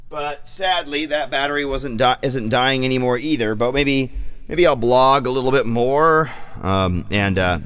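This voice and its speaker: A man vlogging casually about his bass gear, loose and profane, joking and acting out his own reactions. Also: measured pace, a bit bright, clean tone. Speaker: vlogger and musician. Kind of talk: casual rambling vlog. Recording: music playing behind the voice.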